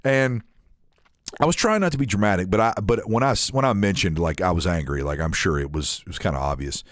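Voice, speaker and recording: A man on a podcast telling a story in casual chat, animated and acting out the people in it. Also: low-pitched, a little fast, no room sound, studio quality. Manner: animated, acts out quoted people in shifting voices. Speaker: podcast co-host.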